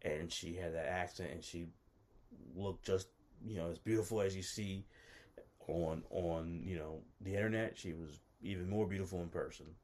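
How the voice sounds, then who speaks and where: A man with a deep, low voice tells a personal story casually. He circles back on himself and stumbles through restarts, leaning on "like" constantly. He sounds self-conscious as he goes. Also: normal speed, a little mellow. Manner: rambling, self-interrupting, lots of "like".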